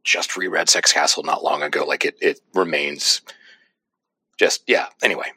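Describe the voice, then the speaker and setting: Deep-voiced man speaking haltingly. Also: fairly even intonation, husky, dry recording. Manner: halting, searching for words, warm praise. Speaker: podcast guest, comics writer. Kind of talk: casual chat.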